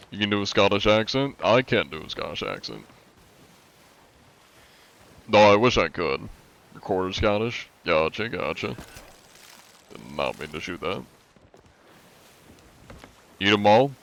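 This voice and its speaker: Chill young guy streaming, kinda low voice, just chatting with chat while playing. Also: measured pace, pauses often. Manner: relaxed, answers chat questions as he plays. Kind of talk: casual live-stream gaming chat.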